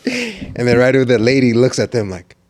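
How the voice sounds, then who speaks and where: Dude telling a funny customer story, keeps chuckling, relaxed chat. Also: male voice, mid-range voice, brisk. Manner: chuckling, loose storytelling with quoted voices. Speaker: piercing shop worker.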